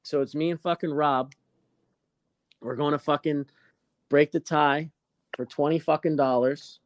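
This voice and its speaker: A man's voice: fairly high pitch, measured pace, no room sound. A young man hosting a podcast, telling a story in casual chat, swearing a lot. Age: young adult. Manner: profane, animated storytelling. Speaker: podcast host.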